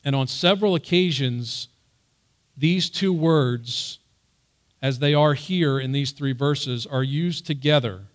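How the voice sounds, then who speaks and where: Man, bible teacher, sermon style, earnest, slow, average pitch. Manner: earnest, loud on emphasized quotes.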